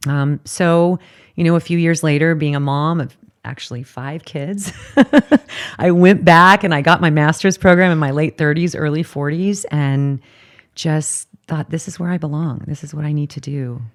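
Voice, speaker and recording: A woman's voice: low-pitched, steady tone, moderate pace. A woman in her forties, a clinical director and therapist, answering interview questions in an earnest, emphatic way.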